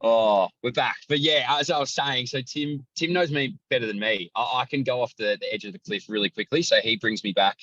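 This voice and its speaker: Loud, animated man. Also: mid-range voice, brisk, few pauses, dry recording, muffled recording. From Australia. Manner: loud, outlandish storyteller. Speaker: guest, sports journalist and athletics commentator. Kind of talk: casual podcast chat.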